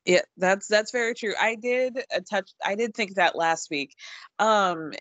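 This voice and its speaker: A woman in her mid-thirties chats in an easygoing way, laughing readily and stumbling into restarts. Her voice sits at an ordinary pitch. It sounds dry and close. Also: unhurried, no echo. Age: 30s. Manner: relaxed, laughs easily, hesitant restarts. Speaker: podcast co-host. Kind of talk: casual chat about reality TV.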